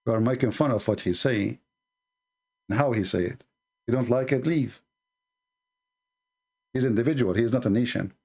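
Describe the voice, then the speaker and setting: A man's voice: medium pitch, moderate pace, gravelly, pauses often, darkish tone, breathy edge. A man hosting his channel, ranting at viewers in a combative, sarcastic and insulting way. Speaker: channel host. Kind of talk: angry rant to viewers.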